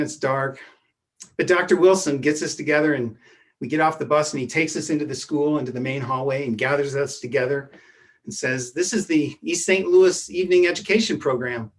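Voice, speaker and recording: A man telling a true personal story from his youth, in a measured way that often drops to a hushed voice. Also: fairly high pitch. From Edwardsville, Illinois.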